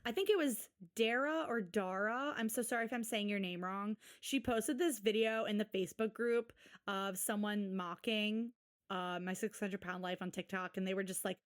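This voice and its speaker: A woman's voice: medium pitch, normal speed. A woman co-hosting a podcast, recapping a reality show in casual chat with exasperated sarcasm. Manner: sarcastic, exasperated, quotes people in put-on voices. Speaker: podcast co-host.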